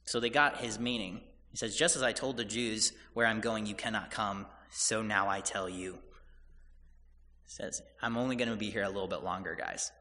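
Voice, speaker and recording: A man's voice: on the low side, fairly even intonation, normal speed, bright, forceful tone. Man, preacher, casual storytelling sermon, acts out the characters, ringing hall reverb. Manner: retells scripture in casual voiced paraphrase, acting out Jesus and Peter.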